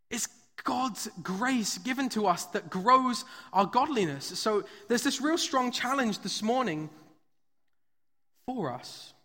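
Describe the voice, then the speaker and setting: A man preaching to a live congregation, with a high, bright voice. He tells stories casually and fills his talk with "like" and "kinda." His voice rings with the long reverb of a large hall. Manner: conversational storytelling with frequent fillers. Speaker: pastor. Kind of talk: sermon. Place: church hall, live service.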